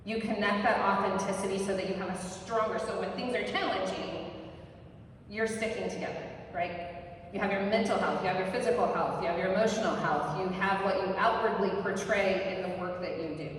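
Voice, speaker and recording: A woman giving a live workshop talk to an audience, energetic and often ending points with a quick "right?". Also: medium pitch. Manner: energetic, ends points with tag questions. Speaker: workshop presenter. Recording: very echoey hall, mic far off, faint noise.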